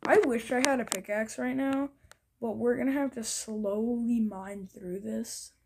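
Excitable young woman narrating her gameplay. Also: a little high, a little slow, creaky. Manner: excitable, thinks aloud, drops to whispers. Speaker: gaming video creator. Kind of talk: casual gameplay commentary. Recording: faint background noise.

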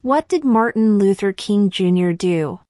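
A woman slowly reading civics test questions and answers in a measured, deliberate way. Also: mid-range voice, expressive, warm tone, dry recording, studio quality. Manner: measured, deliberate delivery with long pauses.

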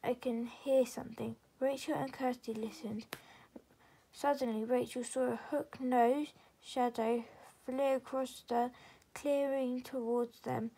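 A woman's voice: high voice, slow, slightly rough, poor audio. Woman reading a children's book aloud. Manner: steady reading with small slips, soft whispery passages. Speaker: storyteller.

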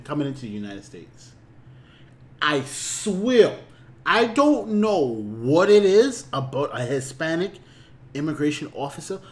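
A man's voice: high voice, reverberant. A man hosting a reaction video, ranting casually with sudden swings in volume. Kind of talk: ranting commentary.

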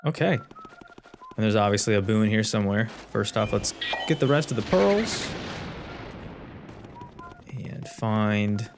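A man's voice: fairly low pitch, lively intonation, measured pace, pauses often. A man who hosts a gaming channel, giving joking, sarcastic let's play commentary. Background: game music.

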